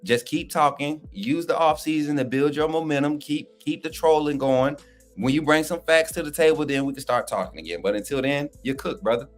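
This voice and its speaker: A man's voice: mid-range voice, fairly bright tone. A man co-hosting a livestream, talking sports in a fired-up, slangy, trash-talking way while reading chat. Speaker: livestream co-host. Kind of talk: casual fired-up sports talk.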